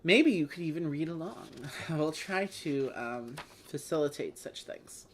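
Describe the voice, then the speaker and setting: A woman's voice: deep voice, expressive, a little slow, a little hiss or hum. A chatty woman hosting a casual live play-along of a board game. Her voice moves up and down a lot as she rambles, laughing often between thoughts. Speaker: host.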